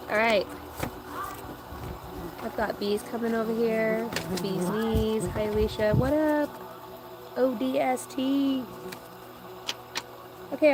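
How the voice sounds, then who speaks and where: A woman's voice: medium pitch, low-quality recording. A woman doing a live-stream oracle card reading, chatting playfully and joking with her viewers.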